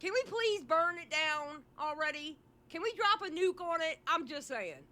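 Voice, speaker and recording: A woman streamer reacting live to a video, with loud, animated and profane outbursts. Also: very high-pitched, normal speed.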